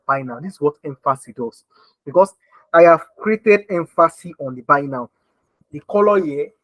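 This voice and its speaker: A man's voice: on the high side, fairly bright tone, no echo, poor audio. Emphatic man teaching design. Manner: repetitive, emphatic, keeps checking if listeners follow. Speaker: design instructor. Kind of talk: online screen-share lesson.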